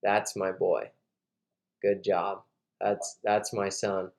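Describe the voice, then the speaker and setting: A man's voice: extremely high pitch, fairly even intonation, slow pace, a little mellow, pitched above the performer's own voice. Man doing a drunk hulking dad, mocking, goading, roomy echo. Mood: tearful pride. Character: drunk hulking father taunting his teenage son.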